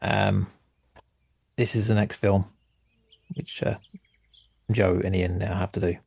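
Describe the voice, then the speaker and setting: Gravelly low-voiced man hosting a quiz. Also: level tone, takes it slowly, a little mellow, no echo. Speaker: podcast host and quizmaster. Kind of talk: casual chat.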